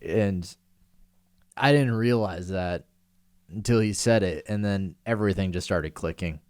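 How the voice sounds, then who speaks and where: A young man in his twenties with a low, smooth, resonant voice, talking casually on a podcast. He rambles through self-deprecating stories and slips into giggles. The sound is dry and close. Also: moderate pace, dry recording. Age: 20s. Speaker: podcast co-host. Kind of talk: casual chat.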